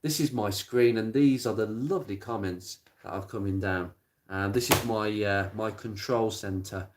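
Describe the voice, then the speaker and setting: A man chatting casually on a live stream about car parts, plain-spoken and rambling, with many pauses and restarts. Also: on the low side, very noisy. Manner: rattles off blunt practical advice. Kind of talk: casual live-stream chat answering viewer comments. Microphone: smartphone.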